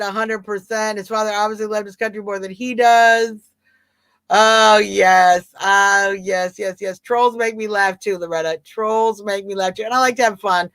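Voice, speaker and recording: Woman, Southern twang, livestream host, chatty, emphatic, crisp bright voice, dry sound. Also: medium pitch, dry recording. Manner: chatty, answers viewer comments by name, emphatic. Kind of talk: casual live chat.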